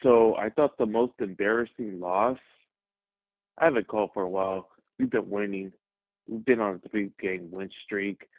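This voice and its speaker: A man's voice: on the low side, fairly even intonation, moderate pace, no room sound. A man from Fresno, California, calling in to a sports radio show, angry and swearing as he rants. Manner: angry, profane, agitated ranting. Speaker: caller. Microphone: phone. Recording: tinny phone line.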